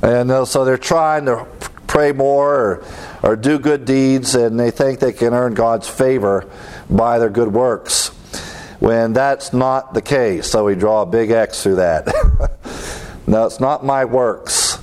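A middle-aged man teaches in a sermon style with an earnest, emphatic delivery. His voice sits at an ordinary middle pitch, and he drives home each point by repeating it. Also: a little slow, a little mellow, clear, resonant tone. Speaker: preacher teaching a class.

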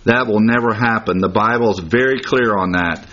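A man's voice: on the low side, fairly bright tone. A man preaching an expository sermon, stressing each point and rattling off verse references one after another. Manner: emphatic, citing verse references rapidly. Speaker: pastor. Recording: dull lo-fi sound.

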